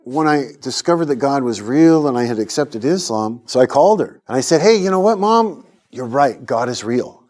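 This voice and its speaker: A middle-aged man from the United States tells his life story as an interview guest, earnest and animated. His voice sits at an ordinary middle pitch. He slips into the voices of the people he quotes. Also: moderate pace, few pauses.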